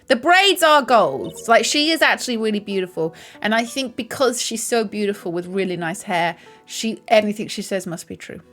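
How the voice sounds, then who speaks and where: A woman's voice: medium pitch, lively intonation, moderate pace, few pauses, fairly bright tone, faint music behind. A woman streaming a game, chatting in a giggly, self-mocking way. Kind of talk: live game stream chat.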